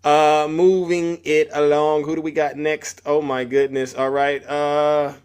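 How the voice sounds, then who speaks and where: High-voiced man hosting a call-in stream. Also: unhurried, clean tone. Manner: animated, calls out to listeners by name. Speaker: live stream host. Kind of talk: casual political call-in chat.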